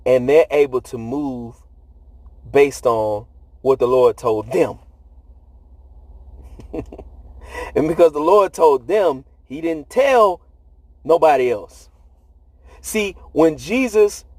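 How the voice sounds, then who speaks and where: A man's voice: on the high side, darkish tone, dry recording. A man giving a preachy motivational talk in conversational, slangy speech, laughing often. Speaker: motivational speaker.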